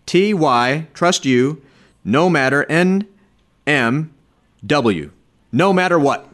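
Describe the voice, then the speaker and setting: A man's voice: fairly high pitch, lively intonation, drawn-out words, long pauses, fairly bright tone. A man preaching a sermon with impassioned, emphatic delivery, repeating phrases for effect. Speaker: pastor.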